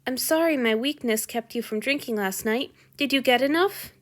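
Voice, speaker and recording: A woman's voice: high-pitched, normal speed, voice pushed up, lightly acted. A woman voicing a timid, polite young male servant in a fan fiction reading, speaking hesitantly and apologetically.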